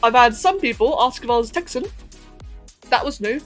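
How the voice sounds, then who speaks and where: A woman from England with a posh London accent, softened by a little Californian, chatting casually and laughing with her chat during a gaming livestream. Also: fairly high pitch, animated, normal speed, faint music behind. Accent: posh London English, slightly Californian-tinged. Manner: chatty, giggly, answers chat while playing.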